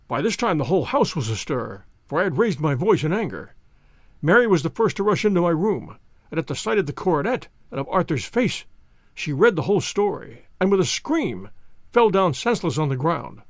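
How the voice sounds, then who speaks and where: A man reading a classic story aloud as audiobook narration, in a lively, dramatic manner. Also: fairly high pitch, brisk, no echo, studio quality. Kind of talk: audiobook narration with character voices.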